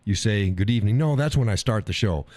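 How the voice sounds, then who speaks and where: Folksy man, low voice, casual live-stream host, joking and laughing, dry close sound. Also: lively intonation, fast, a little mellow, no room sound. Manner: folksy and joking, reads chat aloud, laughs often.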